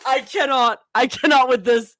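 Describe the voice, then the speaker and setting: A young woman streaming a live fan fiction reading, shrieking, laughing and talking over herself in excitement. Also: high-pitched, normal speed, slight background noise.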